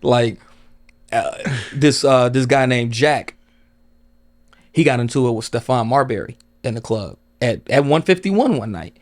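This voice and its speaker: A man's voice: mid-range voice, animated, a little slow, pauses often. Casual storytelling man with a mid-range voice. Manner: rambling, full of "like", swears freely. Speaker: DJ guest.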